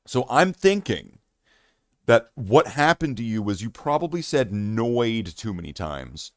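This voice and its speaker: A man's voice: mid-range voice, sing-song, measured pace, a bit bright, no room sound, studio quality. A man chatting casually on a hobby live stream, rambling and joking at himself with many fillers and restarts. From Canada.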